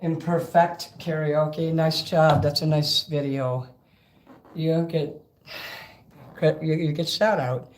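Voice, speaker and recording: A man's voice: fairly high pitch, steady tone, takes it slowly, long pauses, a little hiss or hum. A man hosting a karaoke livestream, chatting casually between songs, rambling and thanking viewers by name. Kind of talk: casual live-stream chat between songs.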